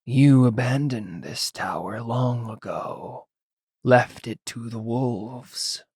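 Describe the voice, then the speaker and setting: A man voicing a cold, aloof cloaked stranger in a tabletop game, speaking slowly in a low, raspy hush. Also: dry recording, studio quality. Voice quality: raspy, slow and hushed.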